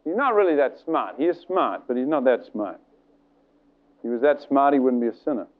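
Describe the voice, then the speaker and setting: A man preaching a sermon, telling a story with animated delivery and acting out the voices in it. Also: mid-range voice, a little fast. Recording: tinny phone-like sound.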